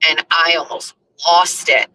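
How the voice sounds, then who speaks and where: Behind the wheel, a female host runs an informal live chat, rambling bluntly and coming across as overwhelmed and emotional. She has a low, bright, forceful voice with fairly even intonation and a slightly slow pace, in a low-quality recording with a little hiss or hum.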